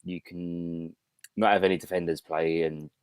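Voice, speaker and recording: A man's voice: deep voice, flat delivery, a little slow, clear, resonant tone. A man co-hosting a podcast over a video call, ranting in exasperation in casual chat. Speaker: podcast co-host.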